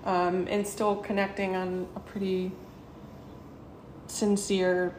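A woman co-hosting a podcast, reflecting slowly and casually in conversation. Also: medium pitch, little pitch movement, darkish tone. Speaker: podcast co-host. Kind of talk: casual chat. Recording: roomy echo with faint noise.

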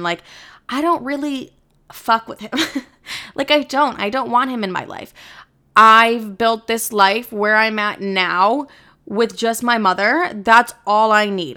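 A woman's voice: mid-range voice, bright, forceful tone, smooth. A young woman talking candidly to her viewers in a casual, blunt way, swearing freely and filling with "like". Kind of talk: candid personal monologue.

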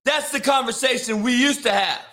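A man giving a heated, profane sports rant, repeating himself and now and then breaking into shouts. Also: extremely high pitch, fairly quick. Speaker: sports commentator.

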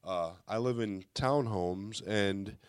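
A young man casually telling a childhood story to friends on a podcast, animated and laughing through the punchlines. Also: lowish voice, takes it slowly, clear, resonant tone, no echo, studio quality.

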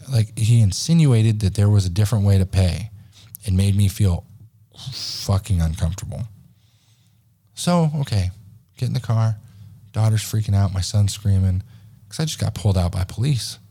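A man in his thirties, a podcast host telling a story in casual chat, animated and profane, acting out the dialogue. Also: fairly low pitch, normal speed, husky.

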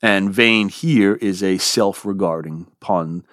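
A man giving a podcast lecture on poetry in an expressive, lively way, relishing the verse. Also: deep voice, slow, no room sound, studio quality. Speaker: literature lecturer.

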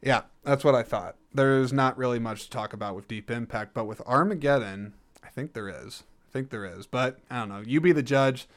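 A man talks through a film review on his own show in an easy, joking way, wandering off track and correcting himself. His voice is smooth and clean, sitting at an ordinary middle pitch. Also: moderate pace. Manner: rambling, jokey, self-correcting. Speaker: podcast host reviewing a film. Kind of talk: casual solo film review.

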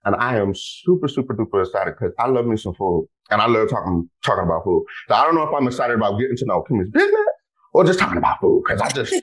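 A young man in his twenties hosting a casual podcast, bubbly and full of exclamations. His pitch leaps all over the place, and he sounds thrilled to be talking food. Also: fast talker, poor audio. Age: 20s. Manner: bubbly, animated, lots of exclamations. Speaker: podcast host. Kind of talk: excited casual podcast chat.

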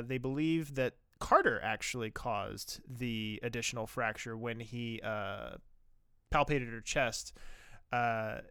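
A male podcast co-host with a smooth, resonant voice, recapping a TV episode in a loose, filler-heavy chat. The recording is close and dry, with no room sound. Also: mid-range voice, sharp tone, dry recording.

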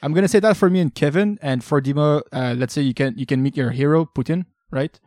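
A man's voice: on the high side, quick pace, darkish tone, dry recording, studio quality. A man co-hosting a casual chat, leading the talk with plenty of ums and uhs. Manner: hesitant, many fillers, sets up questions. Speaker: podcast co-host.

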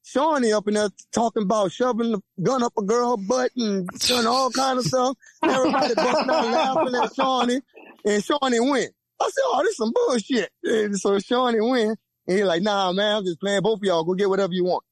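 A young man from Louisiana with a Louisiana accent, telling a profane, lively story as a podcast guest and acting out the voices of the people in it. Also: moderate pace, no room sound. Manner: lively, profane, acts out quoted voices with big pitch jumps. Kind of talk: animated storytelling.

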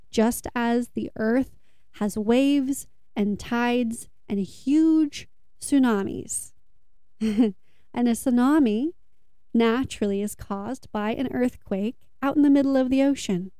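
A woman giving a tarot reading and earnest self-help talk to viewers, soothing and deliberate. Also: fairly high pitch, dark tone, clear, resonant tone, dry recording, clean studio sound. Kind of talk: slow reflective talk to viewers.

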